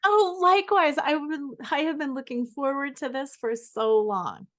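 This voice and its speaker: A woman's voice: high voice, moderate pace, fairly bright tone. A woman author and coach speaking enthusiastically as a guest, describing her sessions. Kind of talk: casual interview answers.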